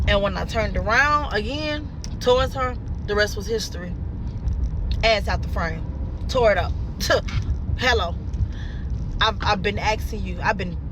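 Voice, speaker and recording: Blunt, profane woman ranting in a car. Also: mid-range voice. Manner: blunt, profane, emphatic, repeats herself. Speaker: mother telling a personal story. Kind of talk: casual storytime monologue to camera. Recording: noisy, with car sounds behind.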